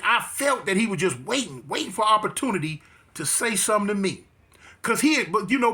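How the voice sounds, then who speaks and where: A man's voice: high-pitched, bright, forceful tone. A man casually telling a story, with streetwise slang, emphatic repeats and frequent restarts. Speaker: interview guest.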